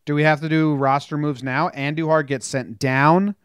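A man's voice: a little high, fairly even intonation, smooth, dry recording, clean studio sound. Upbeat, joking male podcast host. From New Jersey. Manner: upbeat, joking, fast banter. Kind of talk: casual sports podcast chat.

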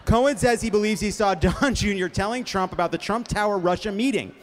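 Male comedy host, high voice, live monologue in a reverberant venue. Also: fairly quick, slight background noise. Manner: energetic, breaks into laughter.

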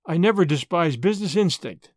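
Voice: mid-range voice, lively intonation, fairly quick, darkish tone, no echo, studio quality, natural voice. A reader voicing a brash, confident young man with an American accent, blunt and persistent. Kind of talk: audiobook character voice.

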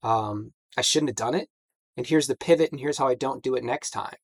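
A man in his forties talks candidly as a podcast guest, pausing on fillers as he reflects. His voice is a little husky and sits at an ordinary pitch. The sound is dry and close. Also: dry recording. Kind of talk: candid conversation.

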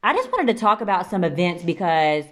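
This young female podcast co-host speaks fairly quickly in a fairly low voice, with a little hiss or hum in the audio. She curses freely in casual chat, telling lively stories and acting out what people said.

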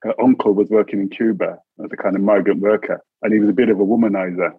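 A man in his sixties from England, an interview guest telling family stories in a relaxed way, chuckling often and acting out voices. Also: lowish voice, fast talker, breathy edge, no echo. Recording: tinny phone-like line.

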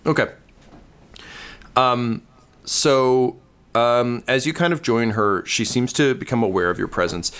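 A man narrating a tabletop role-playing game as game master, halting with many ums and uhs. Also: medium pitch, fairly bright tone, clean tone.

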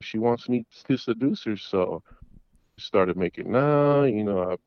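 Calling in, a middle-aged man spins a long, rambling story full of restarts and repeated words. His lowish voice has lively intonation and a slightly slow pace, with no echo on the dull lo-fi audio.

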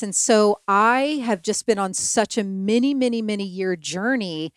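A woman hosting a spiritual conversation, telling her story in an earnest, animated way. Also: medium pitch, a little slow, smooth, no room sound. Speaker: podcast host.

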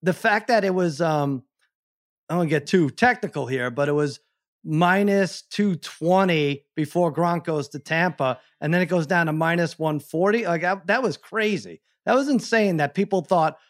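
A man co-hosting a podcast, rambling through a casual sports chat and leaping up in pitch when exasperated. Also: normal speed. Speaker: podcast co-host.

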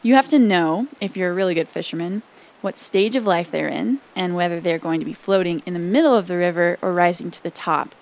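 A woman reporter narrating a documentary feature in a calm, reflective storytelling manner. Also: lowish voice, brisk.

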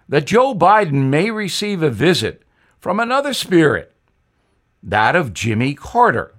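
A man's voice: fairly high pitch, a bit bright. An older man hosting a news commentary show, telling a wry satirical tale with emphasis. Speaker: host.

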